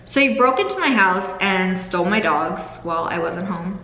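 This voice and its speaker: A woman's voice: medium pitch, lively intonation, moderate pace, pushed and bright. A young adult woman candidly telling a painful personal story, swearing freely and holding back tears. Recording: echoey room with long reverb.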